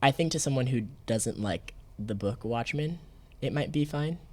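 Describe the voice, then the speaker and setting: A man's voice: medium pitch, expressive, normal speed, dry recording. Man, medium voice, casual podcast chat, hesitant restarts, dry sound. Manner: hesitant, repeats words, laughs easily. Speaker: podcast co-host.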